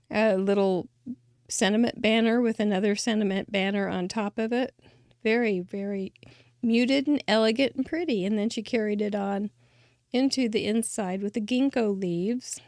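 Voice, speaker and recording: A middle-aged woman hosting a craft show, chatting warmly and gushing as she shows cards that viewers sent her. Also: fairly high pitch, dry recording, studio quality. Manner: chatty, gushing, laughs often. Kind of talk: casual chat showing mailed cards.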